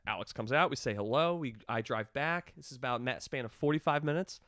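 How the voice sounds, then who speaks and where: A man in his thirties telling a story in casual chat, animated and acting out the people he quotes. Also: medium pitch, brisk, no room sound, studio quality. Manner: animated, acts out quoted dialogue. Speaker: guest, clinic staff member.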